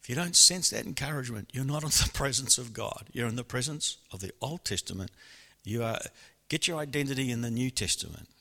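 Guy preaching, bright gravelly voice, bouncy delivery, long echo off the hall. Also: mid-range voice, brisk, few pauses. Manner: lively and animated, laughs often, acts out voices. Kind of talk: sermon.

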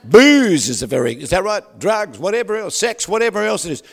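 A man preaching a sermon, loud and animated, who keeps asking the crowd for agreement and drops joking asides with laughs. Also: high-pitched, fairly quick, vocal fry. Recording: long hall reverb.

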